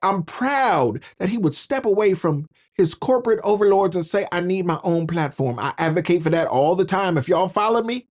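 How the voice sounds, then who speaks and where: A man's voice: sits high, animated, moderate pace, hardly any pauses. Preachy male commentary host. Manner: preachy, rhythmic repetition. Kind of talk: political commentary.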